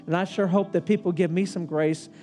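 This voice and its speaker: High-voiced man preaching a story. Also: fairly quick, soft background music. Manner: animated, self-mocking storytelling. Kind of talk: storytelling sermon.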